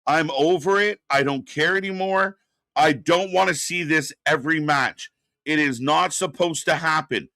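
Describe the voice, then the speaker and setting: A man hosting a live wrestling watch-party stream, ranting with exasperation and profanity, then answering chat messages more calmly. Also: a little high, normal speed, no echo, clean studio sound. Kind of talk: live reaction commentary, reading chat.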